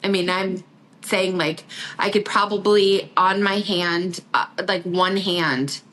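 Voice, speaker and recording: A woman's voice: on the low side, slow pace, rough recording. A middle-aged woman chatting as a podcast guest, telling stories with lots of laughter. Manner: laughing, animated storytelling with quoted voices. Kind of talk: casual chat.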